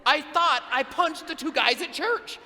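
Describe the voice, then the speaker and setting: A man giving a motivational talk, telling a story and asking the audience questions in an animated way. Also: extremely high pitch, measured pace. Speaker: motivational speaker. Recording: long reverb of a big hall, faint noise.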